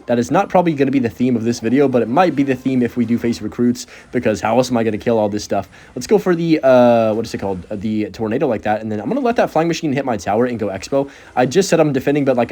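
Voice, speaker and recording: A man's voice: medium pitch, warm tone. A young man giving casual, joking commentary over his own gameplay, sarcastic and chatty as he narrates each move. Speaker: gaming content creator.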